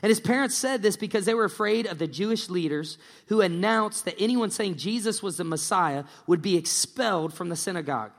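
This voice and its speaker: Preacher guy, kinda high voice, storytelling sermon, big church reverb. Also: a little fast, few pauses. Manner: lively storytelling, acting out the people in the story. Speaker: pastor. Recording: long church-hall reverb.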